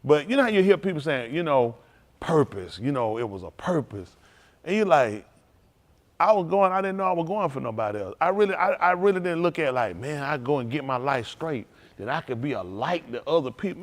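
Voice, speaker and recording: A male pastor giving an informal, animated testimony sermon at a service, talking straight to the congregation and laughing often. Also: on the high side, moderate pace. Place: synagogue service.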